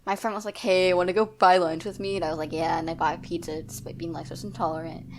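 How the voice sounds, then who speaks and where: Teen girl podcaster, lower voice, lots of um and trailing off, faint hiss. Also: level tone, fast. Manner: hesitant, trails off, thinks aloud. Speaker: podcast co-host. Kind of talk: casual chat.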